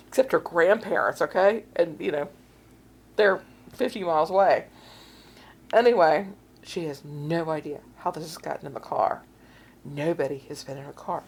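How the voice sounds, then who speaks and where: A middle-aged woman co-hosting a podcast, casually telling a story and acting out quoted voices with big swings in pitch. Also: gravelly, husky. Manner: animated, acts out quotes with big pitch jumps. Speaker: podcast co-host.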